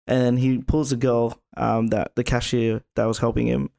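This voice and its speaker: A man's voice: mid-range voice, little pitch movement, normal speed, gravelly, mellow. A young adult man, telling a rambling story on a casual podcast. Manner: rambling, lots of fillers.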